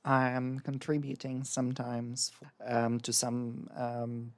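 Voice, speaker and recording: Slow, hesitant podcast co-host. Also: medium pitch, monotone. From Ukraine. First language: Ukrainian. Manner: hesitant, many ums, laughs often. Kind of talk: casual podcast chat. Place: Berlin area.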